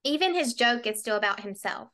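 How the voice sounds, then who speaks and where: A young woman with a fairly high voice co-hosts a book podcast. She trades dry quips in casual chat and reads chapters aloud at an even, storybook pace. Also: a little fast.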